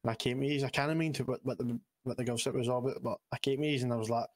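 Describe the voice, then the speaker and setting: A man's voice: medium pitch, fairly even intonation, rapid-fire. A man co-hosting a casual chat, asking questions eagerly and often repeating himself. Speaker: podcast co-host.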